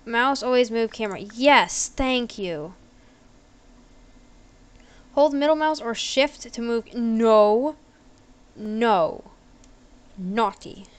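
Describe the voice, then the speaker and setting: A woman's voice: fairly high pitch, animated, takes it slowly, long pauses, a bit bright, clear, resonant tone. A woman giving chatty, giggly, self-deprecating commentary as she plays a computer game at home. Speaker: gaming video creator.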